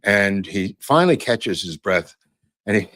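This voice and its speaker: Deep-voiced older man telling showbiz stories. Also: expressive, a little slow, fairly bright tone, no room sound, clean studio sound. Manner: chatty, full of "uh" and "um" fillers. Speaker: podcast host. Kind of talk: rambling anecdotal storytelling.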